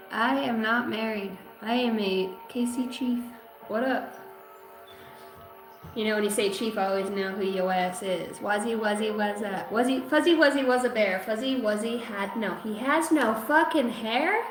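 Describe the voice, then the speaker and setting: Thirties woman doing a chatty card-reading livestream, joking and cussing, kinda high voice, echoey room, faint music. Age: 30s. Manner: playful, profane, bantering. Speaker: tarot and oracle card reader. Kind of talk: casual livestream reading, greeting chat.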